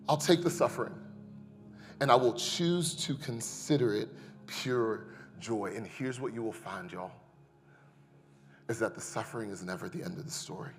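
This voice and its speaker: A pastor in his thirties preaching a sermon to his congregation, calling them "y'all" and moving from quiet reflection to loud, impassioned testimony. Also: on the low side, moderate pace, long reverb tail. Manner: builds from hushed to loud and impassioned.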